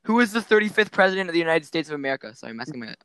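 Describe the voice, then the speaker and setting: Bright-voiced joking teen guy. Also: on the high side, very animated, racing, clear, resonant tone, no room sound. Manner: joking, rambling, with restarts and silly voices. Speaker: podcast co-host. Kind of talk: goofy casual chat.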